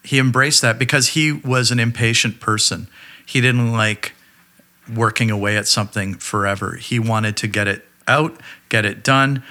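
A man's voice: mid-range voice, normal speed, sharp tone. A man, a musicologist guest on a podcast, talking enthusiastically and thinking aloud in casual chat.

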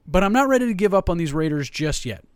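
A man's voice: high voice, big pitch swings, quick pace, clear, resonant tone, dry recording, clean studio sound. Profane, joking man in casual sports talk. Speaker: sports podcast co-host.

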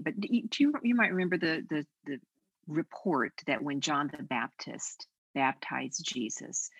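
Low gravelly woman, lively talker. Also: no echo, poor audio. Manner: animated, expressive storyteller. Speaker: guest speaker. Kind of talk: conversational podcast interview.

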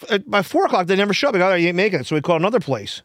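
A man's voice: high-pitched, big pitch swings, rapid-fire, fairly bright tone, dry recording, clean studio sound. A man on a podcast, telling rambling anecdotes in casual chat, with frequent restarts. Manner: rambling, restarts, laughs often.

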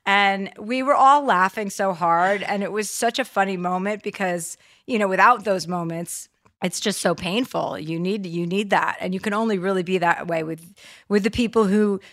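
A woman's voice: medium pitch, moderate pace, fairly bright tone. A middle-aged woman hosting a podcast, chatting candidly and telling stories. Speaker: podcast host. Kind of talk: casual conversation.

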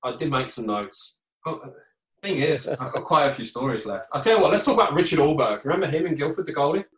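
A man's voice: on the high side, animated, fast talker, fairly bright tone, reverberant, low-quality recording. A man telling sports anecdotes in a casual, swearing, laid-back way. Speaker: former ice hockey player, podcast guest. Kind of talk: casual storytelling chat.

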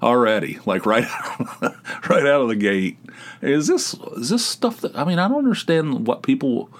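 A man's voice: mid-range voice, sing-song, normal speed. A man hosting a solo comedic podcast, telling rambling anecdotes in an incredulous way. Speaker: podcast host.

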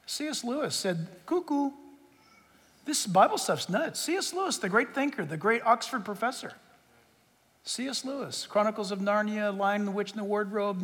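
High-voiced man preaching in an echoing hall. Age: middle-aged. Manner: emphatic preaching with rhetorical questions, swinging from loud to hushed. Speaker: pastor. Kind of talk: sermon. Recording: long reverb of a big hall.

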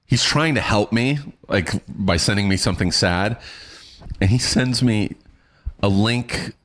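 A middle-aged man telling a story in casual chat, animated and swearing, acting out what people said. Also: lowish voice, measured pace. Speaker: guest.

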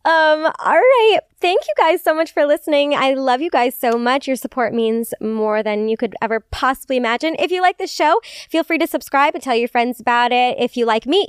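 A woman's voice: on the high side, clean tone, no room sound, clean studio sound. A woman hosting a casual podcast, bubbly and gushing, saying "like" a lot. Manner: bubbly, gushing, heavy use of "like". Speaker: podcast host.

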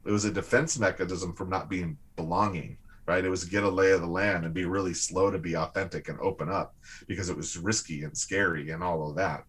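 Deep husky-voiced man telling a story. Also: a little fast. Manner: animated, lively personal anecdotes. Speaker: guest. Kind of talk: casual conversational storytelling.

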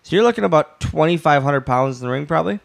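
A man guesting on a podcast, telling a backstage story in a lively way and swearing freely. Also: a little high, fast talker, gravelly.

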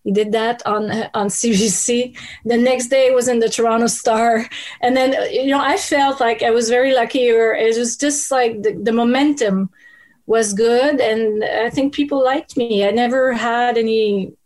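Higher-voiced Quebec French woman chatting. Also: fairly even intonation, moderate pace, a little mellow. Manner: chatty, many restarts and fillers. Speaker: guest, former TV host. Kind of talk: casual interview chat.

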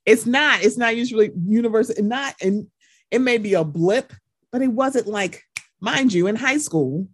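A woman chatting casually, emphatic and expressive, often quoting what others say. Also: on the high side, moderate pace, slightly rough. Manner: emphatic, lively, exclaims and quotes others. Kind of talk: casual chat.

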